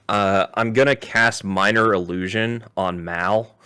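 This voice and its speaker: Fields: crisp, bright low male voice. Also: steady tone, a little slow, no echo, clean studio sound. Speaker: player. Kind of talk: casual tabletop play.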